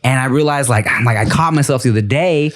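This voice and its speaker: Animated man telling stories on a podcast. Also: medium pitch, quick pace. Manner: animated storyteller acting out dialogue. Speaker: podcast host. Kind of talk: casual chat.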